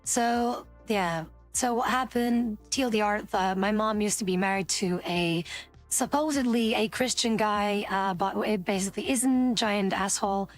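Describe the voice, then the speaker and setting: Woman streamer chatting to viewers; loose, rambling delivery full of fillers, soft music under her. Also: mid-range voice, a little slow. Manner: rambling, many fillers and restarts. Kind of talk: casual storytelling to chat.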